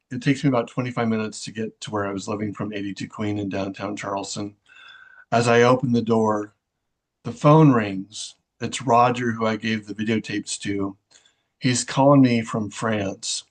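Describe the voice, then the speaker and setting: A middle-aged man telling a personal story in a halting way, with many fillers and restarts. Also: fairly low pitch, steady tone.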